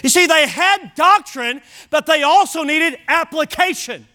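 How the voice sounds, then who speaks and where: A man's voice: extremely high pitch, unhurried, sharp tone. A man preaching a sermon at a church service, emphatic and repeating key phrases for weight.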